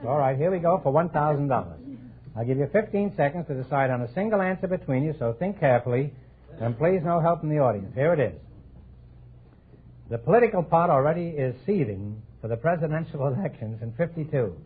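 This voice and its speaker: A man hosting a 1950s radio quiz show, quick with jokes and wisecracks. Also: fairly high pitch, animated. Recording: old radio broadcast, tinny and noisy.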